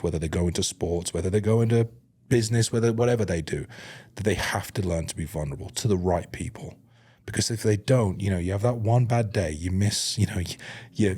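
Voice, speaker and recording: A man's voice: deep voice, darkish tone, slightly rough. A man hosting a podcast, explaining his view earnestly and repeating words as he goes. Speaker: podcast host. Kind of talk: casual conversation.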